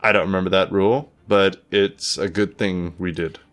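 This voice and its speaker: A man running a tabletop game as game master, animated and playful, swearing when rolls go badly. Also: deep voice, normal speed.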